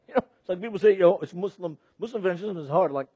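Husky man preaching. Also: high voice, very fast, no room sound. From Lebanon. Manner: animated, laughs often, questions the audience. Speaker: ministry speaker. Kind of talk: sermon-style teaching to an audience. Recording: dull, dry lo-fi recording.

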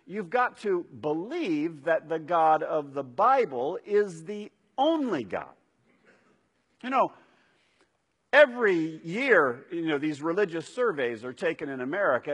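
Slow, emphatic preacher in a hall. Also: male voice, on the high side, a bit bright. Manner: emphatic preacher, repeating phrases with stress. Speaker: pastor. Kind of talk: sermon. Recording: reverberant hall.

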